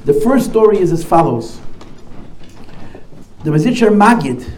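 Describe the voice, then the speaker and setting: Animated storytelling rabbi, high voice. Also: male voice, measured pace. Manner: animated storyteller, repeats key phrases. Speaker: rabbi giving a talk. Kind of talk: storytelling talk at a gathering. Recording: echoey room, faint noise.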